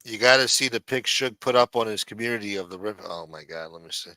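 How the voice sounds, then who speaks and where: A man's voice: lowish voice, fast, sharp tone, no room sound, low-quality recording. A man chatting on a livestream as a guest, laid-back and full of fillers, often trailing off into mumbles. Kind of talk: casual livestream chat.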